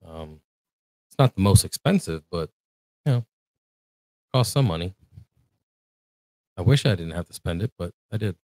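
A man's voice: deep voice, expressive, normal speed, long pauses, warm tone, no echo. A man from Puerto Rico with a Puerto Rican accent, co-hosting a livestream, chatting and joking as he answers the chat. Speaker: co-host. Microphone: desk mic.

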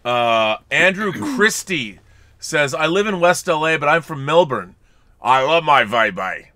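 In a collectible-filled home studio, a podcast co-host reads viewer super chats and jokes through a casual film chat. His fairly high voice swings widely in pitch and sounds pushed and bright, at a measured pace with no room sound.

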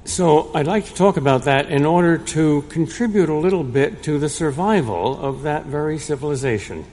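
An older man giving a prepared lecture in a measured way, with a dry, wry humor. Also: a little high, darkish tone. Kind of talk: prepared lecture read aloud. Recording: long reverb in a large room.

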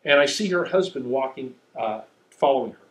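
A man's voice: medium pitch, expressive, fairly quick. A man preaching a sermon in a conversational way, often checking in with "okay?". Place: church sanctuary. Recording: echoey room.

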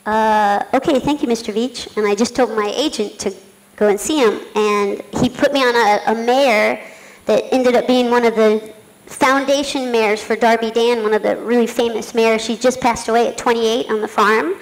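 A middle-aged woman, a jockey, telling a story on a conference panel, talking fast with frequent laughs and fillers. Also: on the high side, steady tone, low-quality recording. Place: conference hall.

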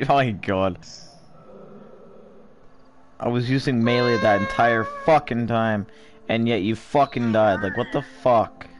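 A man's voice: medium pitch, unhurried, pauses often, dull audio, noisy background. A man hosting a co-op gameplay session, swearing constantly, teasing his partner and laughing often. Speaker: channel host playing co-op. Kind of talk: casual gaming chat.

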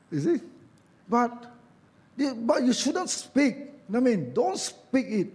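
A man's voice: very high voice, big pitch swings, takes it slowly, pauses often, darkish tone. A man with a Malaysian English accent preaching a sermon as a church elder, chatty and joking, acting out quoted voices and adding tag questions.

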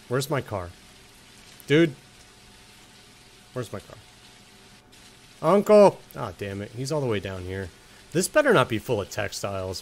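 A man's voice: lowish voice, slight background noise. A man casually commenting while playing a video game, joking with the characters and answering chat. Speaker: game streamer. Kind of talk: casual let's-play commentary.

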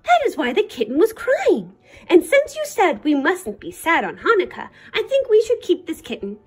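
A woman's voice: very high-pitched, huge pitch swings, moderate pace, exaggerated voice. A woman reading the part of an earnest young boy in a storybook.

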